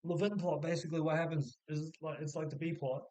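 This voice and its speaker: A man casually summarizing a novel, rambling with many filler words and restarts, sometimes putting on quick voices for the characters. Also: a little high, flat delivery, darkish tone, low-quality recording. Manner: slips into short mock voices for the characters. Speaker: book reviewer. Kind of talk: casual spoken book summary.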